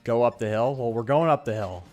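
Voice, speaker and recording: A young man streaming a game, joking loudly with chat and reading in-game text aloud. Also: medium pitch, a little fast, soft background music. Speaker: gaming streamer. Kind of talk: casual let's-play commentary.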